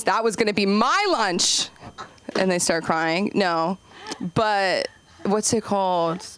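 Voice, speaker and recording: A woman doing a stand-up comedy set, chatty and rambling, jumping her voice up high whenever she acts out a quote. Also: a little hiss or hum. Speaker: stand-up comic and open mic host. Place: comedy club stage.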